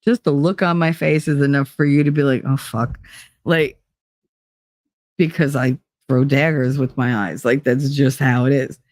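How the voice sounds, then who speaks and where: A woman's voice: extremely low pitch, fairly even intonation, normal speed, a little mellow, dry recording, studio quality. A woman with a New Jersey accent hosting a livestream, chatting casually with viewers in a blunt, profane, rambling way. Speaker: livestream host. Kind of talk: casual chat with live viewers.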